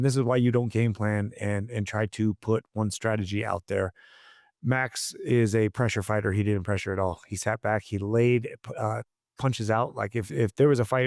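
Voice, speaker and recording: A man with a fairly low voice speaks as a guest on a podcast, recounting fights in a blunt, profane, loose way, often restarting his sentences. The sound is dry and close, with no room echo. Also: vocal fry, a little mellow. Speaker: combat sports coach, guest. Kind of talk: casual storytelling interview.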